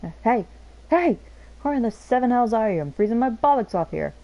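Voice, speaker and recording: A woman voicing a grumbling male soldier on guard duty while reading game dialogue aloud, gruff and complaining. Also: fairly high pitch, animated, brisk, highs cut off, voice pushed up.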